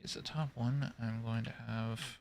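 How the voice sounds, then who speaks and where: Male gaming host, unhurried, rambling self-talk over gameplay. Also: medium pitch, steady tone. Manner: rambling, talks to himself while building. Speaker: gaming video creator. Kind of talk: casual gameplay commentary.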